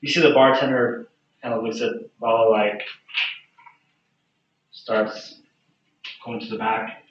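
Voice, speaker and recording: Man as game master, relaxed narration, off-mic in an echoey room. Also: mid-range voice, slow pace, a little hiss or hum. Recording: echoey, distant, dull room recording.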